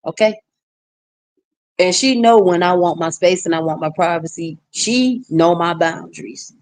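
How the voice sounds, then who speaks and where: A woman's voice: on the low side, unhurried, darkish tone. A woman vlogger in a casual ranting monologue to her viewers, blunt and outspoken.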